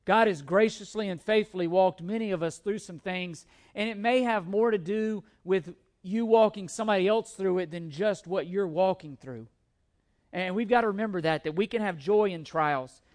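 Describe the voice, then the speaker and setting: A pastor in the pulpit with a notably high voice for a man, his delivery lively and full of self-mocking humor. He is a middle-aged man who tells a story with quick restarts, then settles into preaching. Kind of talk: sermon with humorous personal story.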